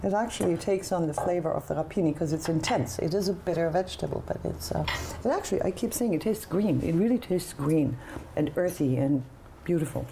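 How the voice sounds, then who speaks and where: Lowish, mellow-voiced cooking show hostess. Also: female voice, lively intonation, a little fast, vocal fry, slight background noise. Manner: chatty, enthusiastic, coaxing. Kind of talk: casual chat on a TV cooking show.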